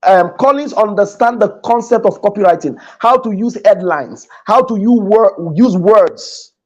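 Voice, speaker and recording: A man's voice: high-pitched, a little slow, muffled recording. A man with a Nigerian English accent giving an emphatic, preacher-like motivational talk as a guest business coach in a studio, repeating his key phrases. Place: podcast studio.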